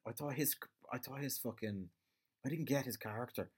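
A man's voice: mid-range voice, moderate pace, darkish tone, breathy edge. An Irish man with a rambling, sweary, off-the-cuff manner, chatting casually on his own as a podcast host. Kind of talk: casual solo chat.

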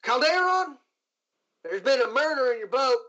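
A man voicing a gruff, blunt frontier woman marshal with a folksy drawl in a tabletop game. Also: very high-pitched, big pitch swings, normal speed, pushed and bright, muffled recording, voice pushed up, heavily acted. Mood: urgent. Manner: folksy drawl, rough grammar.

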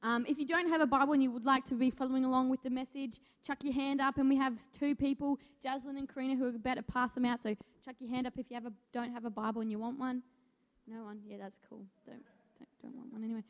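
A woman's voice: sits high, fairly even intonation, fast talker. Nervous young woman preaching. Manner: nervous, stumbling reading with restarts. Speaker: youth speaker. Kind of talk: church message. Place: church hall. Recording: long hall reverb.

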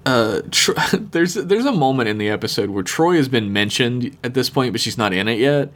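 A man talking casually on a podcast, with a voice that swings widely up and down. His pitch sits in the middle, and he swears freely as he picks apart what he has watched. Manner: animated, profane, breaks into quick put-on voices. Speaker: podcast co-host. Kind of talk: casual chat about a TV episode.

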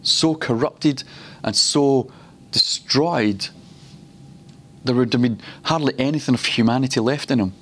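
Man from Glasgow preaching a teaching sermon. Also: mid-range voice. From Glasgow, Scotland. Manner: storytelling, slows down and repeats words for emphasis. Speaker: preacher teaching a ministry school session.

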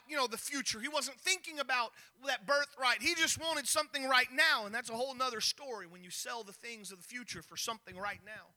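A man preaching a sermon, telling a story with many restarts and acted-out scenes. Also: very high-pitched. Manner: storytelling, animated, with repeated restarts.

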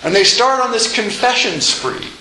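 A man giving a classroom lecture, animated, acting out quoted dialogue with laughs. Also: sits high, normal speed. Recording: echoey room with faint noise.

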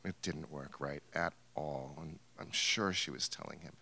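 A man's voice: extremely low pitch, very animated, normal speed, gravelly, few pauses, pushed and bright. A man from New Hampshire telling a wry, amused family story to a live theater audience. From New Hampshire, USA. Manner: wry, amused, laughs through his story. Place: theater stage.

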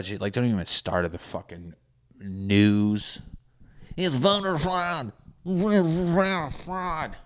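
A man's voice: low voice, fairly bright tone. A young man talking casually as a podcast host, profane and sarcastic, mocking people in put-on voices. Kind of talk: casual rambling monologue.

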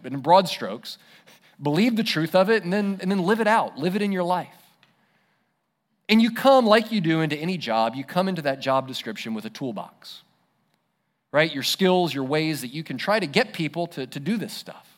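A man preaching a sermon as pastor, conversational and emphatic. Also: a little high. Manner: conversational, emphatic, self-deprecating.

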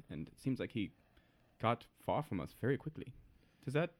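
A man's voice: medium pitch, very animated, normal speed, pauses often. A man playing a tabletop game, talking casually and hesitantly with many fillers. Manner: hesitant, lots of likes. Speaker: player.

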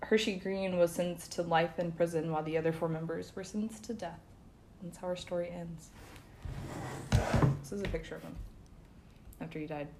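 A young woman tells a true-crime story in a loose, conversational way, leaning on fillers as she goes. Her voice sits a little lower than most, and a faint hum runs underneath. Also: steady tone, moderate pace, pauses often. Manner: chatty, many fillers like "um" and "like". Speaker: podcast co-host.

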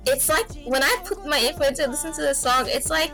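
A woman's voice: sits high, fairly even intonation, brisk, hardly any pauses, over music. A woman co-hosting a casual fan chat, gushing with lots of fillers and stumbles. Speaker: podcast co-host.

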